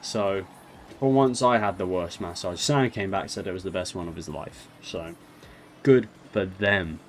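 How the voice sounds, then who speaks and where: A man's voice: deep voice, unhurried, soft background music. A young man casually telling a funny holiday story, laughing and mocking himself along the way. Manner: chatty, laughs through his story, self-mocking. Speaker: storyteller vlogger.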